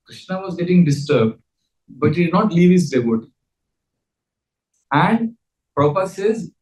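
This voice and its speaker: A man's voice: on the high side, darkish tone, reverberant, rough recording. A man giving an earnest scripture lecture and leading the audience in call-and-response chanting. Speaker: spiritual teacher.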